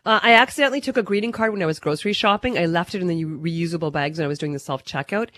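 A woman's voice: fairly low pitch, racing, a bit bright, no room sound. Radio lady reading listener texts, teasing and joking around, dry close sound. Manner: playful, reads out listener texts. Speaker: radio show co-host. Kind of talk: casual talk radio banter.

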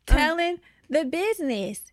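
A woman co-hosting a podcast, telling a story in animated, slangy casual talk. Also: high voice, unhurried, dry recording, clean studio sound. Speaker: podcast co-host.

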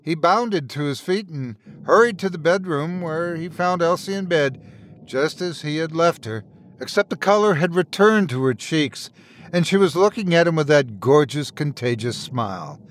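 A man narrating a dark fairy tale in an expressive, dramatic storytelling manner. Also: on the high side, normal speed. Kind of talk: scripted horror story narration.

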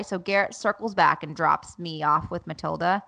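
A woman's voice: deep voice, normal speed, vocal fry, no room sound. A woman in her thirties, a podcast co-host, chatting casually and acting out her children's voices as she tells stories. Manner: animated storytelling, acts out her kids' voices. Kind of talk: casual chat.

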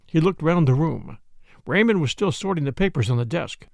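A man narrates a classic mystery in a measured first-person read. His voice sits a touch high and moves expressively, with a gravelly texture, recorded close and dry. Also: lively intonation, darkish tone, no echo. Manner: measured storytelling. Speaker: audiobook reader.

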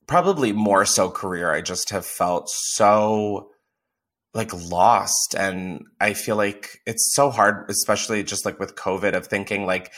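This young man's voice sits on the low side and sounds a bit bright. Hosting a podcast, he chats casually and candidly, full of swearing and frequent laughter.

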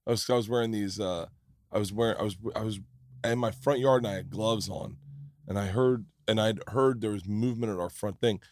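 A man's voice: on the low side, fairly quick, a little mellow. A man hosting a podcast, telling a story in casual chat, often restarting his sentences. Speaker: podcast host.

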